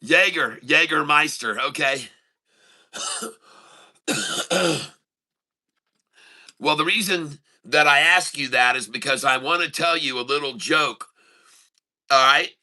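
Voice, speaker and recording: Bright-voiced rambling livestream host man. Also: fairly high pitch, slow, long pauses. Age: middle-aged. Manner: rambling, filler-heavy, answers chat mid-story. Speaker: day-trading livestream host. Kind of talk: casual live-stream chat and joke telling.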